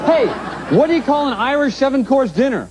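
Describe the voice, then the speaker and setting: Crass tabloid talk show host, high lively voice, loud audience behind. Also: male voice, a little fast, crowd noise, noisy background. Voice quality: brash, tactless, joking. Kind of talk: sitcom acting.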